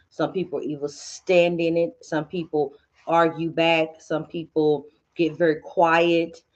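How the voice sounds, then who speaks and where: A woman hosting a spiritual teaching talk, calmly coaching listeners and acting out their inner dialogue. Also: deep voice, dull audio. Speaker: host.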